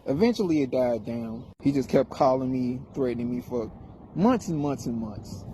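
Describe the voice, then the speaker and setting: A middle-aged man telling a story in a casual monologue, animated, wry and full of swearing. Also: mid-range voice, normal speed, noisy background.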